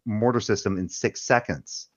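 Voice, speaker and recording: Man, low voice, rambling veteran stories, casual swearing, muffled lo-fi audio. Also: normal speed. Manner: rambling storytelling with profanity. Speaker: veteran panelist. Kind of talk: casual chat.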